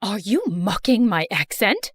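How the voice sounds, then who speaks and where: A woman's voice: medium pitch, sing-song, measured pace, slightly rough, no echo, studio quality, pitched below the performer's own voice. A woman voicing a stern schoolteacher. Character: stern adult female schoolteacher.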